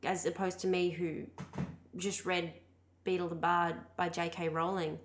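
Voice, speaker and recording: A woman's voice: fairly low pitch, flat delivery, unhurried. A woman co-hosting a podcast, chatting expressively in a house and laughing often. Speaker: podcast co-host. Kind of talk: casual chat.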